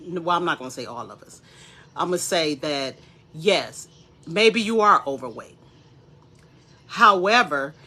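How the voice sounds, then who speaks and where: A woman, giving a casual motivational talk straight to her viewers. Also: fairly low pitch. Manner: animated, preachy, speaks straight to viewers. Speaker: wellness vlogger.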